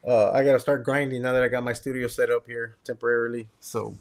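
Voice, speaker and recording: Man, middle voice, easygoing, relaxed group chat. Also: mid-range voice, fast. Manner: easygoing, laughs easily. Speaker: podcast panelist.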